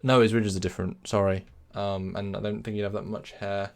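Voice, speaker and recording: Gravelly and on the low side, his voice moves little in pitch and runs a little fast. Hosting a casual stream, he rambles on, corrects himself, and reads chat messages out loud to respond.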